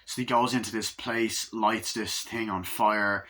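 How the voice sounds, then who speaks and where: A man's voice: on the low side, steady tone, measured pace, pushed and bright. A man casually recapping a movie in a rambling way, swearing freely and jumping into quoted lines from the scenes. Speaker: movie reviewer.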